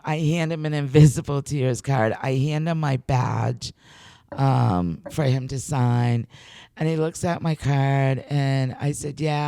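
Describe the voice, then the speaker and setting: A middle-aged woman host recounts a story in casual podcast chat, her voice gravelly with fry. She gets excitable, stammers and laughs easily. The sound is dry and close. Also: very deep voice, no echo.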